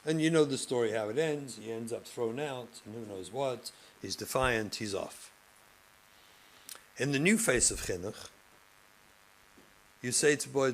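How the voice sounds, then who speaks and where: A man, a rabbi and therapist, giving a passionate lecture to educators, moving from loud emphasis to hushed speech. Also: medium pitch, a little slow, long pauses, rough recording. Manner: passionate, acts out classroom scenes, swings between loud and hushed.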